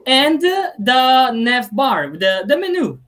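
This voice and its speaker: A woman's voice: high voice, sing-song, slow, fairly bright tone. A woman practicing conversation as a student, talking in a hesitant way with non-native phrasing.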